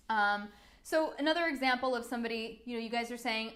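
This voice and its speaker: A woman's voice: a little high, quick pace, a bit bright. A young woman, a business coach, giving an upbeat, chatty talk full of "like"s. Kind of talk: live-streamed coaching talk.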